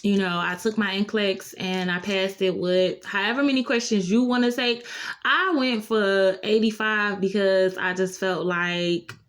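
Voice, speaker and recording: A woman's voice: medium pitch, steady tone, unhurried. A young adult woman, a nurse, telling a casual storytime vlog, earnest and encouraging with lots of "like" fillers. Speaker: nurse and vlogger.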